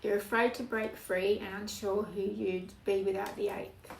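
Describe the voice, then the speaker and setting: A woman's voice: medium pitch, fairly even intonation, vocal fry. Earnest woman reading tarot, echoey room. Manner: emotional, earnest, slow emphatic phrasing. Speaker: tarot reader. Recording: echoey room, voice from off-mic, background noise.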